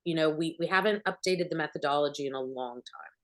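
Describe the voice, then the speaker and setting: A middle-aged woman acting coach answering panel questions, an animated storyteller who acts out bits of dialogue. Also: sits low, fast talker.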